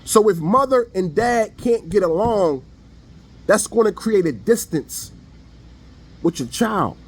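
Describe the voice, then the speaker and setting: A man with a high, light voice talks straight to his audience in a casual opinion monologue. His delivery is blunt and preachy, full of everyday slang. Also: expressive, slow, breathy edge. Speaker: online commentator.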